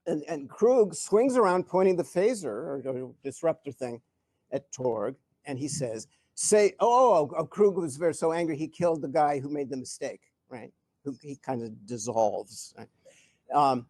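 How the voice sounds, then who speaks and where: Brief: older male guest speaker, slightly high voice, dry close sound, animated chuckling anecdotes. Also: unhurried, husky, no echo. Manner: animated, chuckling storyteller with frequent restarts. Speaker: guest speaker answering audience questions. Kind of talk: live Q&A anecdote telling. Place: event hall before an audience.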